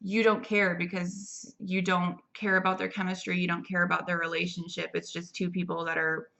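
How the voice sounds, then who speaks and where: A woman's voice: lowish voice, little pitch movement, normal speed, creaky, pushed and bright. A young adult woman giving a casual, rambling movie review, chatty and full of fillers and restarts. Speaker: film reviewer.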